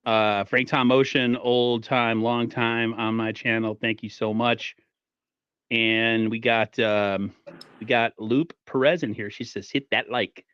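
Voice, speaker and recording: A man's voice: medium pitch, little pitch movement, takes it slowly, a bit bright, clear, resonant tone, no echo, highs cut off. A man hosting a live sports talk stream, chatting loosely and with lots of fillers. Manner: loose, filler-heavy chat. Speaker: podcast host.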